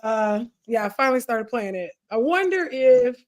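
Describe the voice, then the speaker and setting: A woman's voice: on the high side, lively intonation, moderate pace. A woman co-hosting a podcast in casual chat, laughing often and teasing the others. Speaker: podcast co-host.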